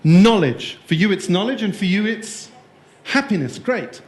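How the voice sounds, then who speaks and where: In an echoey hall, a man gives a conference keynote full of jokes, playfully putting questions to the live audience. His high voice is animated, and he takes his time.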